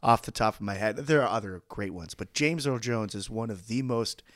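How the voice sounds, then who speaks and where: A man co-hosting a podcast in casual movie chat, enthusiastic and quick to laugh. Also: on the low side, a bit bright, no echo, clean studio sound. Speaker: podcast co-host.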